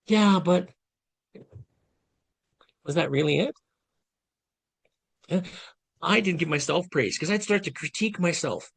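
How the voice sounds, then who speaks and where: A man in his late fifties with a fairly high voice gives a motivational masterclass over a video call. He sounds earnest and conversational, talking straight to the people watching. The call audio carries his voice plainly. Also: lively intonation, moderate pace, pauses often, a bit bright, breathy edge. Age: 50s. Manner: earnest, conversational, addresses the audience directly. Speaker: guest speaker giving a masterclass. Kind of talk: motivational talk.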